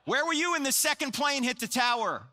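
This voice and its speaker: Lively sixty-year-old man addressing a crowd. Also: very high-pitched, a little fast. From New Jersey. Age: 60s. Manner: joking, storytelling, asks the crowd questions. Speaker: Christian apologetics speaker. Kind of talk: live talk to an audience.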